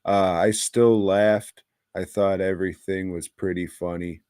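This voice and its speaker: A man's voice: sits low, unhurried, clear, resonant tone, dry recording, clean studio sound. A man co-hosting a podcast, reviewing movies in casual, profane chat and acting out quotes as he tells stories. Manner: profane, animated storytelling with acted-out quotes. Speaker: podcast co-host.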